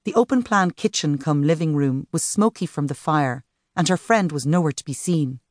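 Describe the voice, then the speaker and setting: A woman narrating a novel as an audiobook in a measured, even way, recorded on a close studio microphone. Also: sits low, dry recording. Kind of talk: scripted narration.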